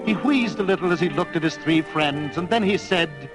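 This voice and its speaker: A man's voice: on the high side, lively intonation, moderate pace, few pauses, music in the background, poor audio. A man narrating a children's storybook in a playful, dramatic read-aloud manner.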